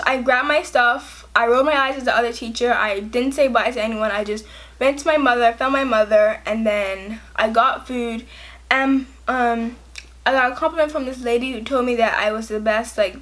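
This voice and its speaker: A young woman with a high voice tells a story from her own life. She talks in an animated, emotional way and uses lots of fillers. It has the loose feel of a story time vlog. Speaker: vlogger.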